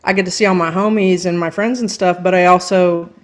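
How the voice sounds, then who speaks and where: A woman's voice: lowish voice, fairly even intonation, fairly quick. A woman, a metal singer and podcast guest, talking candidly and casually, swearing freely. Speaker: metal band vocalist, guest. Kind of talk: casual interview chat.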